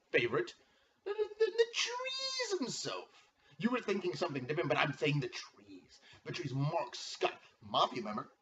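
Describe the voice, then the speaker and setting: A man hyping up his fantasy football league like a ring announcer, his voice swinging wildly up and down and sounding bright and cutting. He is recorded from a distance on dull, lo-fi audio with a faint hiss underneath. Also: mid-range voice. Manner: hype-man name announcing, stretched shouted intros and profane rants.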